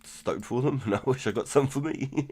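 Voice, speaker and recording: A man in his thirties casually chatting through a live game stream, relaxed and rambling, with keyboard clicks behind him. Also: mid-range voice, husky. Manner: relaxed, rambling, repeats words. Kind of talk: casual gameplay commentary.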